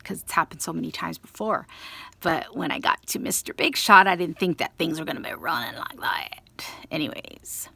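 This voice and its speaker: A woman telling a long personal story in a rambling, animated way, acting out the people she quotes. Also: deep voice, normal speed, vocal fry, husky, in a whisper. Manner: restarts and trailing asides. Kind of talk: casual storytelling monologue.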